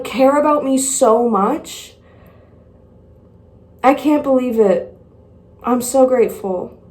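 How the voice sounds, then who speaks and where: A woman vlogger talking casually to camera, candid and rambling, speaking frankly about herself. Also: medium pitch. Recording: echoey room.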